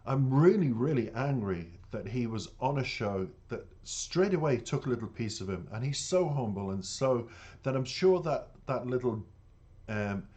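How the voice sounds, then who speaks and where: A man's voice: mid-range voice, expressive, normal speed, a little mellow. An Irish man hosting a reaction channel, talking earnestly and indignantly to his viewers and calling them "dears". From Ireland. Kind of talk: casual monologue to viewers.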